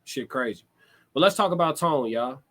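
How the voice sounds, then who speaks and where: A man's voice: mid-range voice, animated, normal speed, fairly bright tone. A man streaming a casual monologue, direct and laid-back, with slangy, conversational talk.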